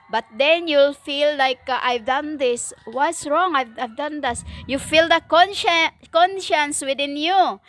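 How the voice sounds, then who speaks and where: A woman preaching a stern religious monologue in halting non-native English, with many fillers and emphatic repetition. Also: high-pitched, a bit bright, no room sound. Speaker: self-styled prophetic preacher.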